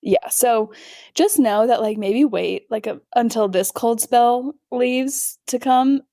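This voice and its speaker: A woman's voice: fairly high pitch, takes it slowly, mellow, no room sound, clean studio sound. A young woman co-hosting a podcast in casual chat, upbeat and enthusiastic, using fillers as she talks. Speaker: podcast co-host.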